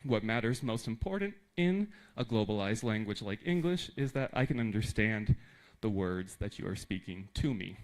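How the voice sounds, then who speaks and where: Speaking to a conference of teachers, an American teacher trainer is energetic and emphatic, with jokes dropped in along the way. His voice sits in the mid range, and the recording is low quality.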